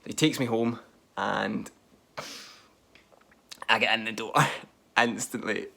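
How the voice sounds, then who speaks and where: Laughing young storyteller. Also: male voice, on the low side, slow pace, vocal fry. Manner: laughs often, self-mocking and animated. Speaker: vlogger. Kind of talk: casual storytelling.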